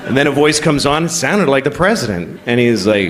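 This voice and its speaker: A man's voice: mid-range voice, lively intonation, a little fast, a bit bright. A man in his forties doing a stand-up set on a large theater stage, telling stories in a sardonic way that rises to incredulous outbursts. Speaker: stand-up comedian. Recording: live stage recording, roomy and noisy.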